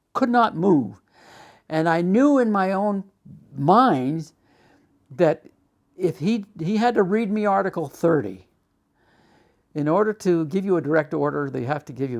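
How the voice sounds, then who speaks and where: An older man recounting his life story in a halting, emotional way, acting out old arguments loudly. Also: a little high, creaky.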